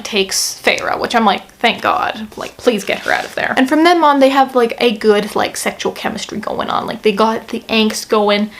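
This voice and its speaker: A young woman talking casually to the camera as she reviews a book, chatty and gushing, with lots of fillers and playful mock-quotes. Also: fairly high pitch.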